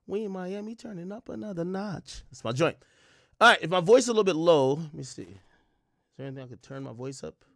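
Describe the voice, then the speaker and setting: A young man hosting a livestream, casually reading his chat and shouting out cities in a loose, profane way. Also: on the high side, lively intonation, quick pace, creaky, dry recording, studio quality. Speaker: livestream host. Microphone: desk mic close up.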